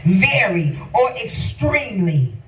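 A woman preaching a sermon, calling out questions to the congregation and breaking into half-sung shouts. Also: medium pitch, big pitch swings, slow. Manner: emphatic call-and-response preaching, rising into half-sung shouts. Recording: echoey room, voice from far off.

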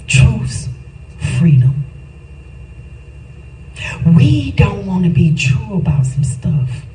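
Captured from afar in a large, echoing church with light noise in the background, a middle-aged woman preaches her own testimony. She speaks slowly and with emphasis, rising into shouts, her fairly low voice soft and dark.

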